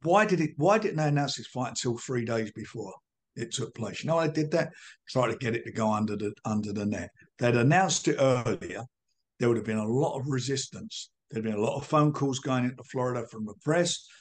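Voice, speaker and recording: A man's voice: medium pitch, lively intonation, fairly quick. An older man and boxing promoter answering interview questions bluntly, with emphatic repetition and a combative edge.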